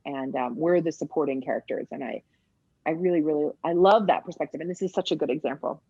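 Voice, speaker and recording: A woman midwife commenting on a birth video, talking enthusiastically and explaining with many pauses and ums. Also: deep voice, mellow, breathy edge, no room sound, muffled recording.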